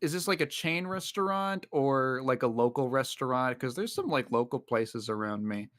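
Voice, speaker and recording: A man joining a game stream as a guest. His voice is medium in pitch and easygoing. He chats in a relaxed way, chuckles often, and reads messages from chat aloud. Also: normal speed. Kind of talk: casual chat.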